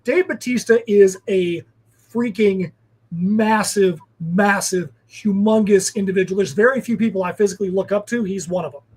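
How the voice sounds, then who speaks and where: A man's voice: high-pitched, normal speed, darkish tone, husky, low-quality recording. A man, a guest comic creator, telling rambling anecdotes in casual chat. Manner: rambling storyteller, filler-heavy.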